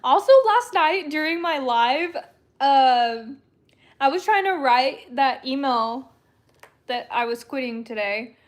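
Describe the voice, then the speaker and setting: Woman livestreamer, high voice, chatty, rambling, quick to laugh. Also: lively intonation. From San Antonio, Texas, USA. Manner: chatty, rambling storyteller who laughs often. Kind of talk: casual chat with viewers.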